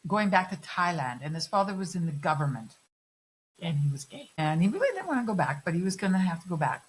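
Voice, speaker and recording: A middle-aged woman telling personal stories in a candid interview, animated and swearing freely as she acts out other people's lines. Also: on the low side, low-quality recording. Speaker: guest. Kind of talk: candid conversational storytelling.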